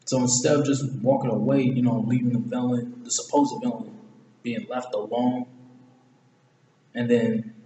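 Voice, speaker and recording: A man's voice: mid-range voice, darkish tone. A man casually analyzing a movie, rambling, correcting himself often and using slang. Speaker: movie reviewer. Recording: echoey room with long reverb, faint hiss.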